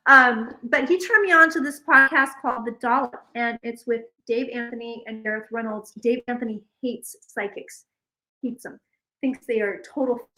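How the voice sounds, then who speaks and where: A woman's voice: fairly high pitch, moderate pace, bright, forceful tone, poor audio. A woman psychic vlogger chatting casually and rambling to her viewers, swearing freely.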